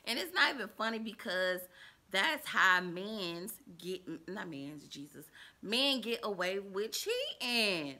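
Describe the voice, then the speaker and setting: A woman vlogger telling a personal story in a dramatic, animated way, swinging from loud outbursts to hushed asides. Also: mid-range voice, slow. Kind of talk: storytime vlog.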